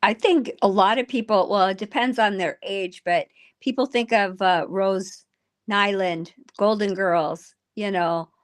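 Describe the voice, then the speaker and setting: A middle-aged woman with a Minnesotan accent, chatting casually as a voice actor on a video call, chatty and quick to laugh. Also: medium pitch. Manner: chatty, laughs often, puts on voices when quoting. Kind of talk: casual chat.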